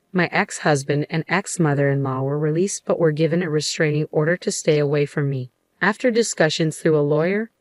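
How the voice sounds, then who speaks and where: A woman with a low voice reads a first-person story in a steady, even way. The recording is dry and close, with no room sound. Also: no room sound. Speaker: narrator.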